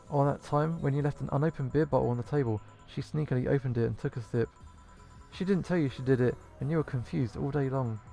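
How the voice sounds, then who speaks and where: A man reading as a grieving, guarded woman from a video game, measured and plain. The voice is mellow and gravelly, over faint game music. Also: mid-range voice, natural voice. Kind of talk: reading game dialogue aloud.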